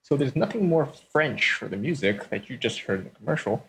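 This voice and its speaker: A man hosts a let's-play with relaxed commentary, explaining each choice step by step. His voice sits at a middle pitch. A faint background hiss sits under his voice. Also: fairly quick, vocal fry, rough recording. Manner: explanatory, walks through design choices step by step. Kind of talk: casual game commentary.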